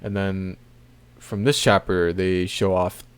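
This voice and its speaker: A man casually recapping a comic chapter, rambling with many fillers and soft laughs. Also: sits low, little pitch movement, takes it slowly, clean tone. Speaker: manga recap video host.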